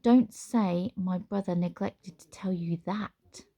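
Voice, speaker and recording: A woman voicing a sly, menacing witch in a storybook reading, with a smooth, sing-song, teasing manner. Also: on the low side, takes it slowly, warm tone. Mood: silky menace.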